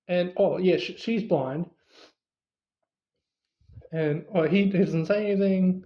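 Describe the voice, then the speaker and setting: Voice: mid-range voice, unhurried, pauses often, echoey room, lo-fi sound. A movie reviewer casually retelling a horror film's plot, with many fillers and quoted asides.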